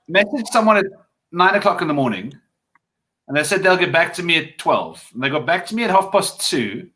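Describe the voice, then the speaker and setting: Brief: male co-host, dry wit, crisp bright tone. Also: on the high side, slight background noise, low-quality recording. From Pretoria, South Africa. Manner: dry, wry storyteller. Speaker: guest co-host. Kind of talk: casual comedic chat.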